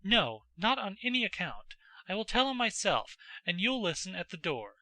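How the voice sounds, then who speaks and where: A man voicing an excited, indignant teenage noble girl in a classic audiobook, pleading and breathless. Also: high voice, normal speed, no room sound, exaggerated voice. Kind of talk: audiobook character voice.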